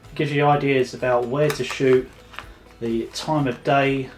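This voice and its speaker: A man's voice: medium pitch, fairly even intonation, measured pace, faint music behind. A man giving a casual photography tutorial to camera, chatty and loose, with plenty of fillers and restarts. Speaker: photography vlogger.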